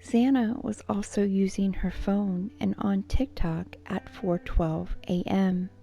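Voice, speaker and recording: A woman whispering a true crime account as a soft-spoken ASMR narrator. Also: medium pitch, fairly even intonation, gravelly, dull audio. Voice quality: unvoiced whisper. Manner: soft-spoken, measured storytelling.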